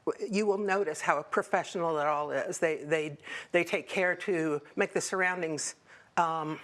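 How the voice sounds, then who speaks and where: A woman's voice: sits low, moderate pace, fairly bright tone. An older woman, a stand-up comedian, talking as a guest in an interview, often restarting and searching for words. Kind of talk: interview conversation.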